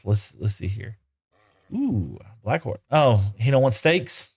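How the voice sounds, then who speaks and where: A man's voice: mid-range voice, sing-song, extremely slow, gravelly, pauses often, a little mellow, slightly rough. Guy streaming a game, rambling to chat and sweet-talking his horses. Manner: rambling, talks to viewers and to game horses in broken baby talk. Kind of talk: casual live game commentary.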